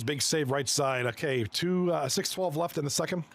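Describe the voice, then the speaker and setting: Upbeat man calling a video game hockey match. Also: fairly high pitch. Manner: excitable, quick reactions to plays, chuckles often; chats with viewers between plays. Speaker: esports league commentator. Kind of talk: live hockey game commentary.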